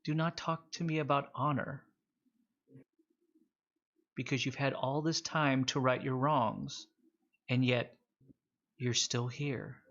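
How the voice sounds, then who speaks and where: A man voicing Walter, a calm adult male bandit king, with slow, measured, quietly menacing speech. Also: medium pitch. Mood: cold, measured. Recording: dull lo-fi audio.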